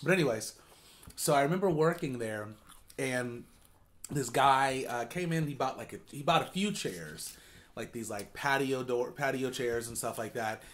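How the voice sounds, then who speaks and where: Young guy rambling thru a story at home, lots of ums and restarts, mid pitch. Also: expressive, normal speed. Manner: rambling, full of ums and restarts, chuckling while eating. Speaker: co-host. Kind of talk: casual storytelling during a mukbang. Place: indoors at home, eating on camera.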